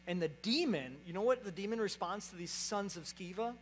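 A man's voice: high voice, animated, a little fast, slight background noise, rough recording. A man in his young adult years preaching a sermon as pastor, speaking conversationally and often checking in with "right?". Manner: conversational, repeats "right?" to the congregation.

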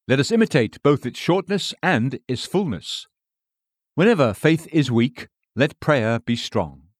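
A man reading an old sermon aloud in a measured, solemn way. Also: medium pitch, no room sound, clean studio sound. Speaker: preacher.

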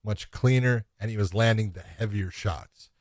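A man co-hosting a podcast in relaxed, agreeable casual chat. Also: fairly low pitch, moderate pace, no room sound. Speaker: podcast co-host.

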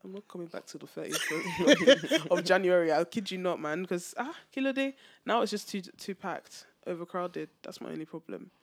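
A young woman co-hosting a podcast in casual chat, teasing and reacting loudly to stories. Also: on the low side, huge pitch swings, moderate pace. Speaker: podcast co-host.

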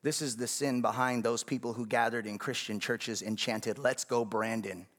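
A man's voice: mid-range voice, fairly even intonation, normal speed, a bit bright. A male pastor delivers a sermon in a church. His tone is conversational, and he keeps asking the congregation whether they follow him.

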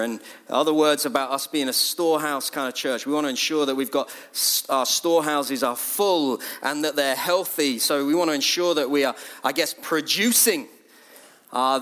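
This is a middle-aged man with a high voice, preaching to his church. He talks in an easy, conversational way and often lifts his voice to act out what other people say. His tone stays lively and chatty throughout. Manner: lively, conversational, acts out quotes in a raised voice. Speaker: church leader. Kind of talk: sermon.

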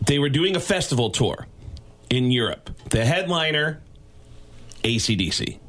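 A man, a guest comedian, telling a backstage story on a radio show and acting out the characters' lines. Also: measured pace. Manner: lively, acts out characters' lines with big pitch jumps.

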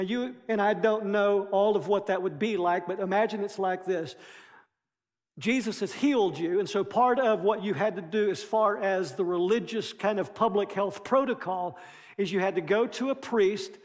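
A man preaching a sermon as lead pastor, animated, with playful voiced asides. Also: high-pitched, unhurried, long reverb tail.

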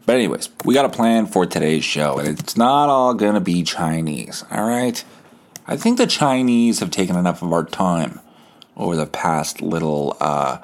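A man hosting a solo podcast, rambling casually with deadpan sarcasm and jokes. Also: sits low. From Canada. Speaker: podcast host.

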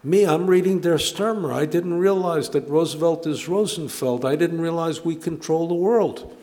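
A man's voice: fairly high pitch, normal speed, darkish tone, in a large hall, close to an everyday voice. A man doing a wry, ironic Jewish man. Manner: wry, explaining patiently.

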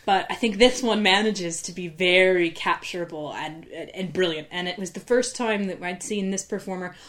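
A woman's voice: lowish voice, a bit bright. A woman, a show producer, chatting as a guest on a podcast, often stalling and restarting her sentences. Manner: hesitant, restarts, quick bursts. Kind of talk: casual podcast chat.

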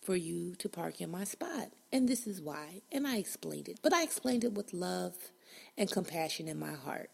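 A woman hosts her own podcast with a deeply gravelly, fry-heavy voice. Her tone is husky and a bit rough. She talks casually and bluntly, swears freely and acts out her own reactions as she tells a story. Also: lively intonation, moderate pace, darkish tone. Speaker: podcast host.

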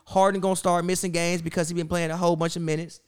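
A man's voice: high voice, level tone, quick pace, clean tone. Insistent young man debating sports. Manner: insistent, talks over others, repeats himself. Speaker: co-host.

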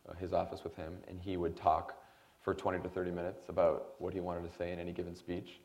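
A man in his thirties, a guest at a forum, telling a long anecdote in a lively way and acting out the other people. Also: deep voice, fast. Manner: animated anecdotal storytelling with quoted voices. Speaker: guest, former speechwriter. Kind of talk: storytelling in a forum conversation. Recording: dull lo-fi sound.

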